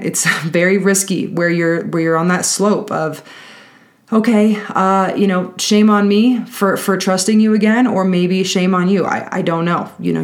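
Podcast host, woman, lower register, casual storyteller who swears freely and gets worked up. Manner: animated, exasperated, swears freely.

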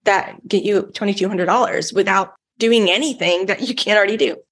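A woman's voice: mid-range voice, fairly even intonation, a little fast, fairly bright tone, slight background noise. Chatty Texan woman telling a story. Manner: chatty and enthusiastic, many "like"s. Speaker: guest giving a testimonial. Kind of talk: casual podcast storytelling.

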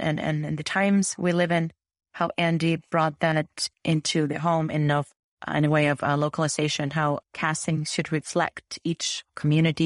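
A woman co-hosting a podcast chats warmly and is quick to agree. Her voice is very low for a woman. The sound is dry and close to the mic. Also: dry recording. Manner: warm, affirming, quick to agree and laugh. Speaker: podcast co-host. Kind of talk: casual podcast chat.

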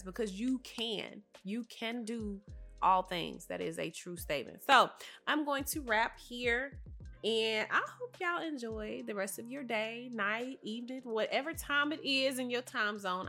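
A woman's voice: mid-range voice, fairly bright tone. A woman hosting a solo motivational talk, speaking earnestly and directly to her listeners, her voice a bit nasal and congested from a cough. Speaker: podcast host.

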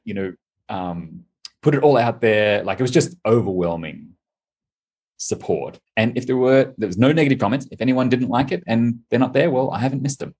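A man's voice: fairly low pitch, a little mellow, slightly rough. A man chatting casually as a guest on a podcast, talking freely and laughing often. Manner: chatty, laughs often, quick bursts of delight. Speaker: coaching client, guest.

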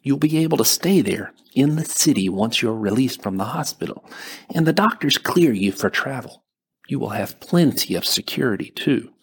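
A male narrator voices a businesslike woman from the embassy with a nasal New Jersey accent. She lays out the arrangements plainly, her tone husky underneath the nasal twang. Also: medium pitch, lively intonation, moderate pace, pitched above the performer's own voice. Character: businesslike female embassy official.

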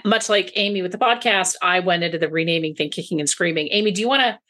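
A woman's voice: fairly low pitch, fast, pushed and bright. A woman co-hosting a podcast, chatting in a rambling, friendly way, often restarting her sentences. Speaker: podcast co-host. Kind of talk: casual podcast chat.

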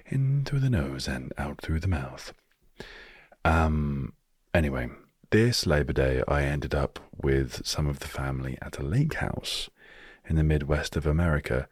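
Very deep-voiced, wry British man. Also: animated, measured pace, a little mellow, husky, dry recording, clean studio sound. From Britain. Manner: wry, self-deprecating humor. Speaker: podcast host. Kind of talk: solo storytelling podcast.

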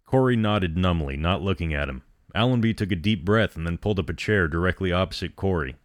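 Male narrator, very low voice, dry close recording, steady storybook reading. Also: brisk, dry recording. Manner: reads all characters in a low steady voice. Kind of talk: scripted narration.

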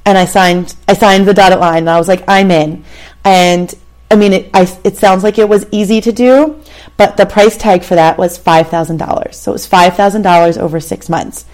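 A woman's voice: medium pitch, steady tone, a little fast, darkish tone. A woman in her thirties hosting a show, telling a personal story in a candid, conversational way and addressing the listener directly. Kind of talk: casual storytelling monologue.

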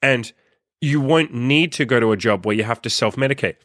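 A man's voice: mid-range voice, a little fast, fairly bright tone, no echo, studio quality. Profane, fired-up male podcast ranter. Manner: profane, blunt, fired-up and scolding. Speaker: podcast host and coach. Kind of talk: ranting solo podcast monologue.

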